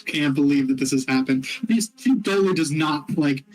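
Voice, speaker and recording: A man playing a tabletop game, narrating his character's actions in a halting way. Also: fairly high pitch, darkish tone, rough recording. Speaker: player. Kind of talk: casual tabletop play.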